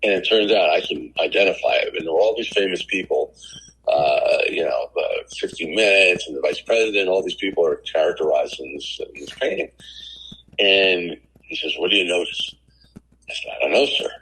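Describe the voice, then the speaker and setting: A middle-aged man, a TV producer, telling lively anecdotes as a guest on a podcast. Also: low voice, fairly quick, slightly rough, poor audio. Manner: animated anecdotes with acted quotes. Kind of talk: casual storytelling in a podcast interview.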